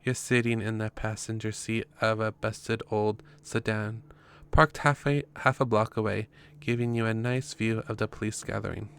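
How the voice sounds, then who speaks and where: A man's voice: lowish voice, flat delivery, normal speed, vocal fry, hardly any pauses, a bit bright, a little hiss or hum. A man reading a story game's text aloud in a casual way, with his own asides between passages. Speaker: game player narrating.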